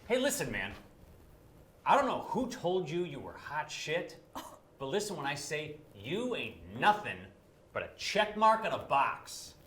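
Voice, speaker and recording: A man's voice: on the high side, a bit bright, echoey room. An actor playing a dismissive, mocking male casting director in a short film. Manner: condescending, mocking. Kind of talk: film dialogue.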